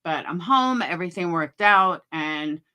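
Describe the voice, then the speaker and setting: A woman's voice: on the low side, animated, measured pace, sharp tone, smooth. A middle-aged woman hosting a livestream at home, talking in a frank, chatty way and swearing freely. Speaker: livestream host. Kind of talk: casual livestream chat.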